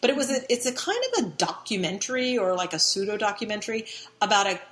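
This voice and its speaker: A woman's voice: medium pitch, fast talker, a bit bright. A middle-aged woman, a guest in an interview, telling a long story casually, rambling with restarts and fillers, sometimes laughing as she talks.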